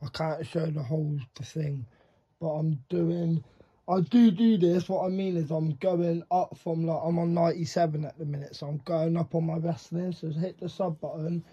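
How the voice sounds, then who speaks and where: A man talks through a reaction video in casual, excitable bursts, swearing freely and calling out to the screen. His voice sits high and sounds husky. The recording is dull and lo-fi. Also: moderate pace. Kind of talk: casual live reaction commentary.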